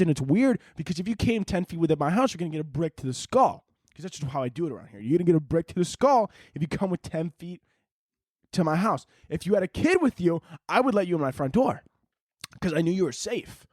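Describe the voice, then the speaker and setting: A man's voice: fairly high pitch, expressive, fast talker, darkish tone, no room sound, clean studio sound. A young man hosting a podcast, ranting in a rambling, profane, jokey way. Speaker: podcast host. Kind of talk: casual comedic podcast monologue.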